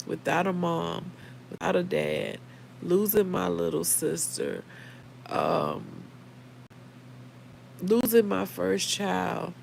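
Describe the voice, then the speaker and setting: A woman's voice: on the low side, creaky, a little hiss or hum, low-quality recording. A middle-aged woman, hosting a casual livestream, heartfelt and emotional, talking straight to her viewers by name. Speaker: livestream host.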